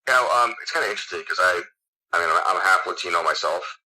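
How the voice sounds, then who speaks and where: A man who is a guest on a podcast, excitedly telling a long story with lots of fillers. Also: sits low, fast, poor audio. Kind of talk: casual interview chat.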